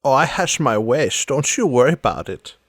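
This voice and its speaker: A man's voice: medium pitch, animated, normal speed, dry recording, studio quality. A man voicing a sly, flirtatious woman who teases and dodges questions, in a tabletop role-play. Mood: coy. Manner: playful, mock-sultry, calls others darling. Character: sly flirtatious adult woman, teasing and evasive.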